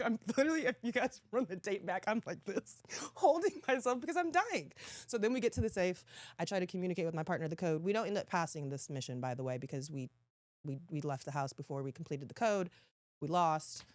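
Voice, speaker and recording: Lively, laughing woman telling stories. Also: low voice, no room sound. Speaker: guest. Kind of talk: casual chat, animated storytelling.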